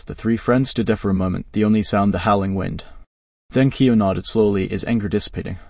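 A man narrating a dramatic story in a steady, even reading voice. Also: fairly low pitch, fairly quick, gravelly, no room sound, recorded from a distance.

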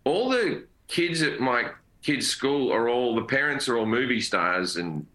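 A man's voice: medium pitch, lively intonation, a little slow, a bit bright, poor audio. A middle-aged man, a podcast guest telling jokey stories and laughing often. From Australia. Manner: chatty, jokey storyteller who laughs often. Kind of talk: casual podcast chat.

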